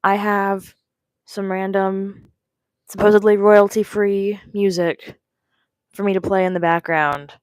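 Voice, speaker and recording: A woman's voice: medium pitch, level tone, measured pace, clear, resonant tone, dry recording, poor audio. A young woman with a morning voice, chatting in an offhand, rambling way while she crochets along on a wearable mic. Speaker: crochet maker and seller. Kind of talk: casual work-along livestream chat. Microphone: wearable microphone.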